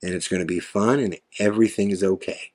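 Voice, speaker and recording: Guy doing a soft southern young woman, cooing and sweet, kinda low and quiet. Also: steady tone, quick pace. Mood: soothing. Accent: put-on Southern US.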